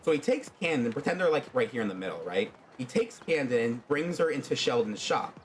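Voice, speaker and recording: Animated man telling a fan story. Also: medium pitch, fairly quick, a little hiss or hum. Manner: animated, rambling, many fillers. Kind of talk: casual spoken storytelling.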